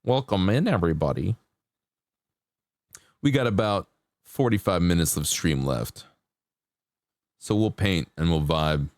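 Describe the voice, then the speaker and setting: A man's voice: low voice, big pitch swings, measured pace, long pauses, no room sound. A man chatting casually with viewers on a live stream while he paints, laid-back and chatty. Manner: laid-back, chatty, sings along to songs in a put-on country twang.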